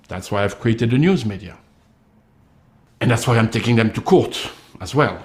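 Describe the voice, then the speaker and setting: A man's voice: lowish voice, animated, normal speed, long pauses, a little mellow, reverberant. Emphatic man with a tinged delivery. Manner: emphatic, accusatory, acts out others' replies. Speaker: commentator. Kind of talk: direct-to-camera monologue.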